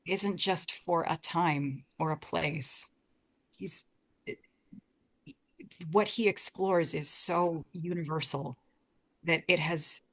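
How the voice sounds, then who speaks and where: A young American woman, a guest talking earnestly about Shakespeare in a casual interview, often restarting her words. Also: fairly low pitch. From United States. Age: young adult.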